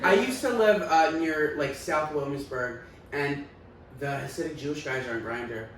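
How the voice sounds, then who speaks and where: A man with a fairly high voice trades frank, crude jokes in casual podcast banter, repeating lines for effect. He is set back from the microphone in a very echoey room with light noise. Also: moderate pace, fairly bright tone, far from the mic. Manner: frank, joking, repeats himself. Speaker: podcast co-host.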